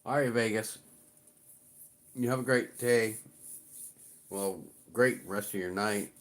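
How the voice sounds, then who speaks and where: A middle-aged livestream host with a lowish voice talks slowly, casually rambling and swearing a bit as he greets the people tuning in.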